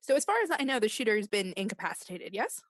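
Impatient woman tabletop player, animated pitch, dry close mic. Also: fast, no room sound. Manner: eager, impatient. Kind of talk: casual tabletop play.

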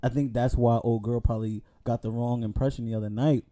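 A man's voice: medium pitch, fairly even intonation, fairly quick, mellow. Laid-back man telling stories in slang. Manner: laid-back slang storytelling, acts out quoted dialogue. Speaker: podcast co-host. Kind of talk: casual chat.

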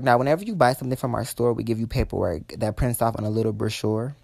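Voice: mid-range voice, steady tone, normal speed, vocal fry, pauses often, darkish tone, dry recording, clean studio sound. A person telling a workplace story to viewers, heated and blunt, swearing freely. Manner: speaks straight to viewers. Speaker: vlogger telling a work story. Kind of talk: storytime venting to the camera.

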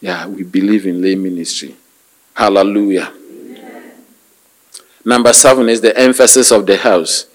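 A male pastor preaching a sermon, calling out hallelujahs and amens, with hesitant restarts and slow, drawn-out emphasis. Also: on the low side, fairly even intonation, rough recording. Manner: call-and-response preaching with frequent hallelujahs.

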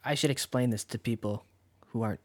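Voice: mid-range voice, a little fast, darkish tone, no room sound. A podcast co-host from Canada, chatting casually and joking while explaining things for listeners. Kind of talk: casual chat.

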